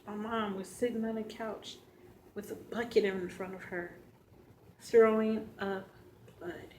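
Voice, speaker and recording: A woman vlogger telling a personal story to her viewers, earnest and halting, speaking straight to them. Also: medium pitch, fairly even intonation, a little mellow, a little hiss or hum, rough recording. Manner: earnest, addresses viewers directly; halting, emotional retelling.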